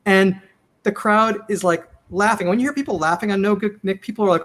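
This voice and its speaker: A fast-talking man with a bright, high voice, a TV comedy writer and showrunner, shares stories from running a comedy show. He's animated and chatty, slipping into quoted lines and playing each person in turn. The feel is a loose, casual storytelling interview, like a guest trading anecdotes.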